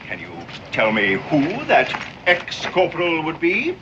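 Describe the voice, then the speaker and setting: An actor playing a pompous naval commodore who speaks formally with cutting sarcasm. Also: male voice, fairly high pitch, wildly swooping pitch, a little slow, lo-fi sound, noisy background. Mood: sarcastic.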